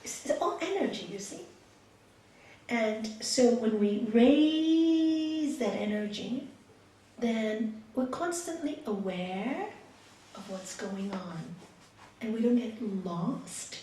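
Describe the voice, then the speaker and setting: A woman yoga teacher giving an expressive spiritual talk, telling a story in a meditation hall. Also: fairly high pitch, slow pace. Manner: expressive, lively, with laughs and hushed asides. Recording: echoey room from a distant mic.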